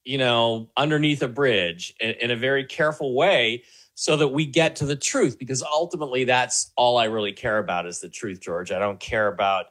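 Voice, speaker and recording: A man's voice: medium pitch, normal speed, fairly bright tone. A man as a talk show guest, answering questions earnestly in a rambling way, with many fillers and restarts. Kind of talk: conversational interview answers.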